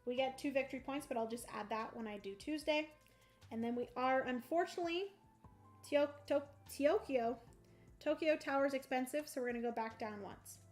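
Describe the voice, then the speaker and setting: Bubbly woman, high voice, livestream board game narration over faint music. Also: normal speed, a little mellow. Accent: playful put-on country twang. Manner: bubbly and playful, narrating moves aloud.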